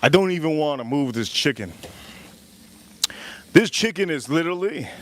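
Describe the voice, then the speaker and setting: A man chatting loosely on a cooking livestream, cracking jokes and reading messages from his viewers out loud. His voice sits a little higher than most men's. He talks outside by the grill. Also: animated, moderate pace. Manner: loose, joking, talks to chat and reads super chats aloud. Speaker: livestream host. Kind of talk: casual livestream chat while cooking.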